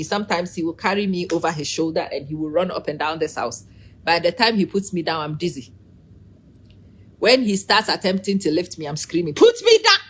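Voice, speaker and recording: A middle-aged woman giving a casual, animated opinion monologue, preachy and teasing, calling out to viewers by name. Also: lowish voice, slight background noise. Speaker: vlogger.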